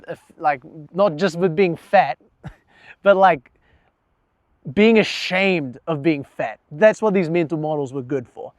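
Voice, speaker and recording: A man's voice: high voice, dry recording, lo-fi sound. A young man talking candidly about himself in a casual, profane vlog monologue, laughing at himself now and then. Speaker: vlogger.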